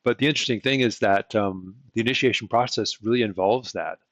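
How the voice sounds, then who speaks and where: A man with a lowish voice talks through a casual lecture, rambling and stopping often to ask "okay?". The sound is dry and a little dull, like a lo-fi home recording. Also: brisk, fairly bright tone, no echo. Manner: rambling, frequent "okay?" check-ins. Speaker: occult teacher.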